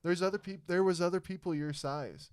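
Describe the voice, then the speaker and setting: Profane storytelling man with a smooth voice. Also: sits high, brisk. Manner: profane, animated storyteller who acts out quotes. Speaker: podcast host. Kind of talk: casual podcast storytelling.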